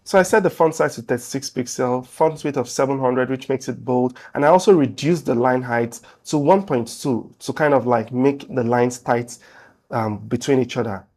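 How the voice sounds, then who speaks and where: Speaking at a normal speed in a mid-range voice, a man walks through a web development lesson, talking over the code as he types it in a relaxed, thinking-aloud way during a screen-share tutorial.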